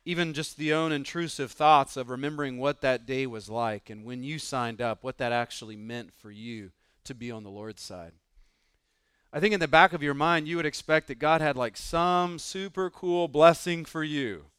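A man's voice: medium pitch, moderate pace, fairly bright tone, clear, resonant tone, no echo, studio quality. A man preaching a sermon in an earnest, conversational way, asking the listeners questions and putting on voices for the people in the story.

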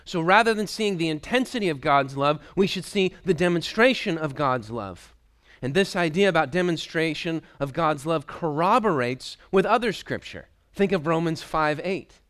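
A man's voice: lively intonation, normal speed, a bit bright. Earnest man preaching a sermon. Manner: earnest, emphatic, repeats key phrases, drops low at line ends.

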